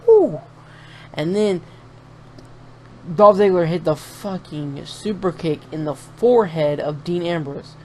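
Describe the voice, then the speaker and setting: A man's voice: fairly high pitch, a little slow, mellow, slight background noise. A man talking casually in a reaction vlog, reviewing a wrestling show in a profane, rambling, opinionated rant.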